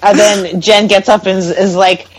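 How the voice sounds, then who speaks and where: Co-hosting a podcast, a woman chats casually and animatedly, acting out what other people said with an exasperated edge. Her voice is medium-pitched and slightly rough at a moderate pace. The audio is poor, though without echo.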